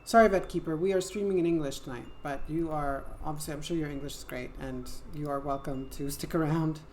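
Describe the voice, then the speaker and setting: A woman's voice: low-pitched, a little fast, a little mellow, a little hiss or hum. A woman with a French accent chatting casually and playfully while streaming a game, swearing now and then. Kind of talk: casual gameplay chat.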